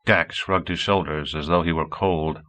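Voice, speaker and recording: A man reading an audiobook in a measured storytelling manner. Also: very deep voice, steady tone, a bit bright, soft background music. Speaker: audiobook reader. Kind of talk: audiobook narration.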